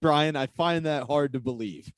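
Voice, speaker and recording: A man's voice: on the high side, normal speed, clean tone, no room sound, studio quality. A man co-hosting a casual comedy podcast, riffing with sarcastic jokes. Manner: joking, sarcastic riffs.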